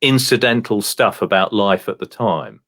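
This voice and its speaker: A man telling jokes to a video call, deadpan and unhurried on the punchlines. His voice ranges widely in pitch as he plays up each line. The sound is dry, from a home microphone. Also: no room sound. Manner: deadpan joke delivery with slow punchlines. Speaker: comedian guest. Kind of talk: telling one-liner jokes.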